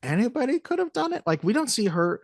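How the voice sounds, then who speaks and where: Podcast co-host, casual film chat, animated, jokey, quick mock voices, mid pitch, dry sound. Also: no echo. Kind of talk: casual movie-review chat.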